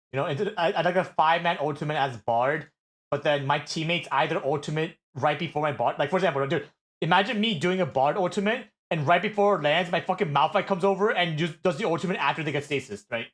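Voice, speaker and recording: A man streaming, reviewing an esports match in casual, excitable analysis, rambling with many filler words. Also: a little high.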